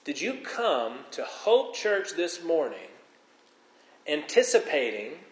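A middle-aged pastor preaching a sermon, animated and joking, asking the congregation rhetorical questions. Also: male voice, fairly high pitch, takes it slowly. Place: church hall. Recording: echoey church hall.

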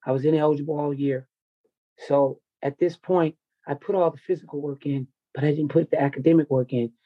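A man's voice: a little high, steady tone, fairly quick, no echo, dull audio. Intense, profane man telling a raw story. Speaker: wrestling coach. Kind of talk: emotional personal storytelling in an interview.

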